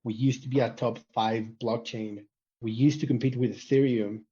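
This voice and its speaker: A man's voice: medium pitch, moderate pace. Emphatic man on a muffled call. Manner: animated, emphatic, arguing a point. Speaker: community panelist. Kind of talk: casual spaces discussion.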